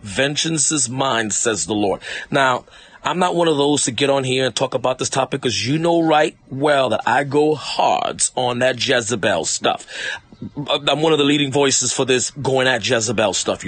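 A man's voice: medium pitch, fairly bright tone, slightly rough. A man preaching an online sermon, repeating lines emphatically and addressing listeners directly.

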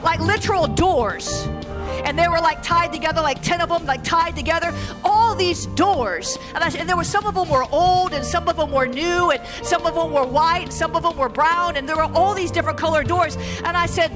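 Woman, preacher, high voice, chatty storytelling, slow emphatic prayer, music behind.

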